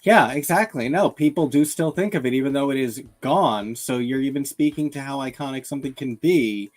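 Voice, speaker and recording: Deadpan podcast co-host. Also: medium pitch, fairly quick, soft background music. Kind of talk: casual chat.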